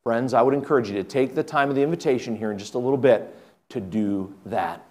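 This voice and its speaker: A man's voice: mid-range voice, quick pace. Earnest middle-aged male pastor preaching. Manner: earnest, rises to emphatic pleading then drops soft. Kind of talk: sermon.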